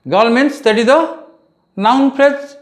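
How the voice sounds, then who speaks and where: A man's voice: very high voice, takes it slowly. A male teacher with an Odia accent, giving a grammar lesson to pupils, repeating key phrases and asking them questions. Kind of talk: slow classroom grammar lesson. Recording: echoey room.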